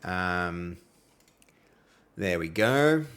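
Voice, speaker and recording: A man's voice: deep voice, animated, drawn-out words, a bit bright. Chatty Australian man live-coding. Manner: friendly, chatty, lots of fillers, reads chat aloud. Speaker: livestreaming programmer. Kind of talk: casual live-stream chat while coding.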